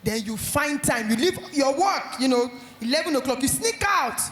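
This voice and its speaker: A middle-aged woman with a Nigerian accent giving a lively motivational talk at an education conference, acting out little scenes. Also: sits high, moderate pace, roomy sound. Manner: animated, acts out little scenes in quoted voices.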